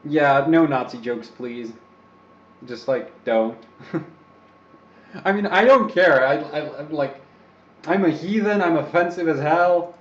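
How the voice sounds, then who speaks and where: A man's voice: a little high, animated, takes it slowly, pauses often. A young man rambles through casual livestream commentary, joking at his own expense in a slightly raised voice. The sound is roomy and a little muffled. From Czech Republic. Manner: rambling, joking, self-deprecating. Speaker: overclocking livestream host. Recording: roomy, slightly dull stream audio.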